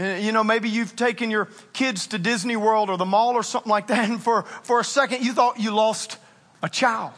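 A pastor in his forties preaching a sermon, telling self-mocking stories in an animated way. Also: high voice. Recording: long reverb of a large church hall.

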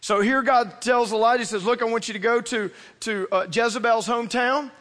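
A man preaching a sermon as pastor, animated and acting out biblical characters in his storytelling. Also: extremely high pitch, fairly quick. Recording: long hall reverb.

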